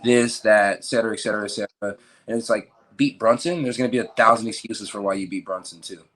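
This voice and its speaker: A man's voice: on the low side, steady tone, quick pace, a bit bright. A young man, a professional fighter, giving laid-back, joking interview answers full of fillers.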